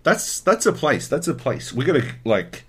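A man's voice: medium pitch, moderate pace, slightly rough. An Australian man co-hosting a podcast, telling a gaming story in casual chat, swearing freely and acting out what other people said. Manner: animated, swears a lot, acts out other people's lines. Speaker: podcast co-host.

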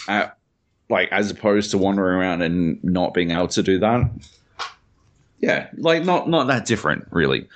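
A young man chats casually on a podcast. He rambles through anecdotes, swears freely and breaks into laughter often. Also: lowish voice. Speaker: podcast co-host. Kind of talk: casual chat.

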